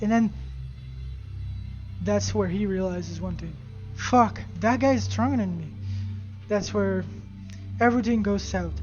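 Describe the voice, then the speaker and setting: Animated, profane game recap voice. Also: mid-range voice, muffled recording. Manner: animated and profane, with spoken sound effects. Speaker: gaming video creator. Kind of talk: casual game story recap.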